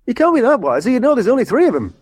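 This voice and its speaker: A man's voice: very high voice, huge pitch swings, fast, slightly rough, heavily acted. A man playing a harried, exasperated man directing a village nativity play in an audio comedy. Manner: brusque and exasperated.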